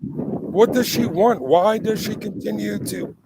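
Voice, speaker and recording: A man's voice: high-pitched, unhurried, vocal fry, noisy background. A man co-hosting a casual livestream, blunt and profane, protective of his friends. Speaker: livestream co-host.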